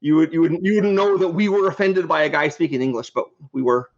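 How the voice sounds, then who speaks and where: A high-pitched man talks as a podcast guest, spinning animated, rambling anecdotes that restart mid-sentence. The audio sounds dull and lo-fi, like a remote recording. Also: fast talker. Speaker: podcast guest, game designer. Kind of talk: casual anecdotal storytelling.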